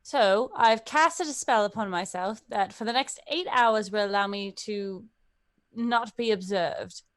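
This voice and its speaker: A woman voicing an earnest young spellcaster sister who speaks in a measured, restrained way. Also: medium pitch, smooth, lightly acted. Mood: urgent.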